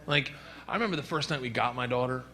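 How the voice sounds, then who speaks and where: A man's voice: mid-range voice, fast, bright, forceful tone, slight background noise. A man performing a stand-up comedy set on a club stage, telling stories and acting out other people's voices.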